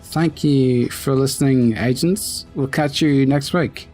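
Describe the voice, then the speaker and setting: A man's voice: mid-range voice, takes it slowly, a little mellow, faint music behind. A man co-hosting a casual gaming podcast, talking loosely with lots of ums and restarts. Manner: rambling, with many ums and restarts. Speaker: podcast co-host.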